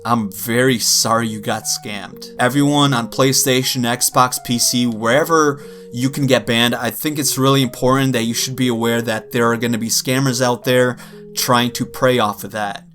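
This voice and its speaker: A man in a mid-pitched voice talks straight to his audience in a loose, exasperated rant, full of "you know" and "like". Soft guitar music plays faintly underneath. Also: fairly even intonation, normal speed. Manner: conversational, exasperated, with frequent fillers. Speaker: gaming video creator. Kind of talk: casual rant to camera.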